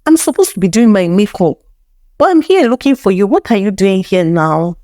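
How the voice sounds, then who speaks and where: A woman voicing a desperate young bride who pleads with rapid, agitated questions. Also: mid-range voice, lively intonation, dark tone, no room sound, studio quality, lightly acted.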